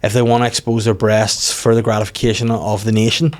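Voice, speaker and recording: Fast-talking Northern Irish comedian. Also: male voice, fairly low pitch. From Northern Ireland. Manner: rapid, profane, animated anecdotes. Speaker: stand-up comedian. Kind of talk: casual podcast storytelling.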